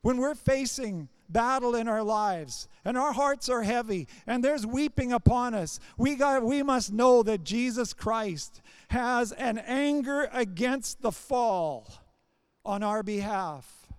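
Slow, deliberate high-voiced male preacher. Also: smooth, no echo. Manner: slow, deliberate preaching in short repeated phrases. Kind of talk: sermon.

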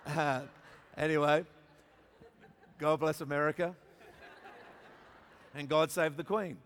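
A middle-aged man with an Australian accent, preaching a sermon as an animated storyteller who jokes with his congregation. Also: fairly high pitch. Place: large church auditorium. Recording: long hall reverb.

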